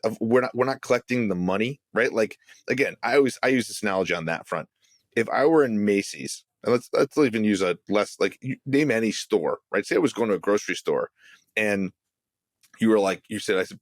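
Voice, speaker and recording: Low-voiced man, emphatic interview guest. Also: lively intonation, fairly quick, no echo, studio quality. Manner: emphatic, filler-heavy explaining. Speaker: guest, physical therapy executive. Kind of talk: casual interview chat.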